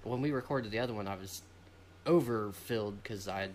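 A young man co-hosting a podcast, telling a rambling story in casual chat with loud laughs and swearing. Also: lowish voice, fairly quick, slight background noise. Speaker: podcast co-host.

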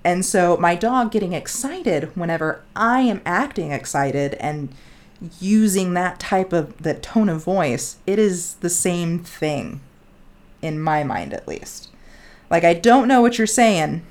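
A woman co-hosting a laid-back podcast, her voice sitting a little low for a woman. She rambles in a chatty way, drifting into tangents and sprinkling in "like". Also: animated, slow, darkish tone. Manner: rambling and chatty, often says "like". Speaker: podcast co-host. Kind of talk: casual podcast chat.

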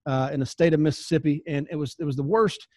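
A Southern man in his forties from the American South works as an insurance sales trainer, teaching conversationally and acting out dialogues with clients. His voice is on the high side, a little mellow, steady in tone, and fast, recorded dry.

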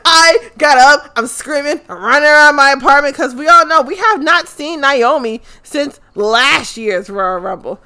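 A young woman talks through a wrestling event in a loose, profane, animated way. Her voice sits a little high and sounds bright and forward. She is blunt and quick with opinions. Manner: animated, blunt, swears often. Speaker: wrestling recap vlogger. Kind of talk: casual profane recap. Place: her apartment.

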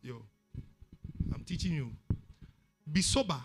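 Ghanaian pastor, high bright voice, emphatic repetitive preaching, soft music under. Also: male voice, animated, slow pace. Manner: emphatic preaching, repeats words for stress. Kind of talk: sermon.

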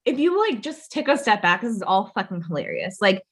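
A young woman trades frank, wry commentary on a reality show with her co-host. She talks in a chatty, loose way with plenty of fillers. Her pitch sits in the middle range for a woman. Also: sing-song, a little fast, a bit bright, breathy edge. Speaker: podcast co-host. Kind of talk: casual chat about a reality show.

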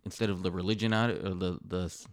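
A man chatting casually with friends, relaxed and quick to laugh along. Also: sits low. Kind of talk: casual chat.

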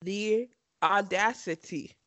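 A woman's voice: mid-range voice, takes it slowly, fairly bright tone, slight background noise. A woman co-hosting a podcast in casual chat, enthusiastic and emphatic as she gushes. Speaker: podcast co-host.

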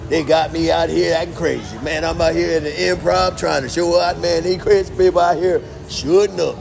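A man playing a brash, streetwise, defiant man who talks loud, boastful and full of slang in a comedy sketch. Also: fairly high pitch, steady tone, moderate pace, creaky, soft background music. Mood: incredulous.

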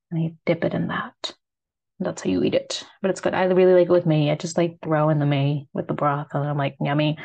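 Young american woman rambling about food, kinda low voice, says like a lot. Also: darkish tone. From United States. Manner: rambling, filler-heavy, upbeat. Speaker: food vlogger. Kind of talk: casual solo food chat.

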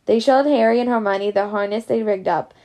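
A woman's voice: mid-range voice, brisk, dark tone. Woman reading a storybook. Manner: casual, unpolished reading. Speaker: reader. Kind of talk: storybook read-aloud.

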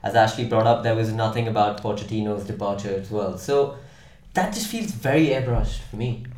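A man's voice: fairly low pitch, fairly quick, darkish tone, a little hiss or hum. A man hosting a casual podcast chat, talking loosely and leaning on "like" and "right?" as fillers. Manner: chatty, leans on "like" and "right?". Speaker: podcast host. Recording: roomy echo.

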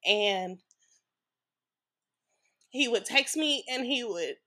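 A woman's voice: a little high, animated, extremely slow, pushed and bright. A woman guest on a podcast, telling a personal story in a blunt, frank way and swearing freely.

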